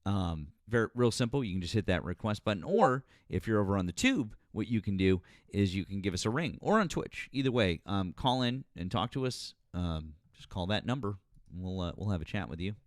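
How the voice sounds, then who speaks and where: A man's voice: on the low side, expressive, a little fast, few pauses, no echo, clean studio sound. A man hosting a casual call-in live stream, jokey, profane and self-mocking. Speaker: host.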